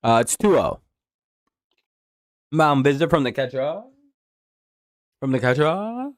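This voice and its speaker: A man's voice: a little high, sing-song, takes it slowly, no echo, studio quality. A man hosting a live game watch-along, swearing freely and slipping into mock announcer play-by-play, a little tipsy from drinking. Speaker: livestream host.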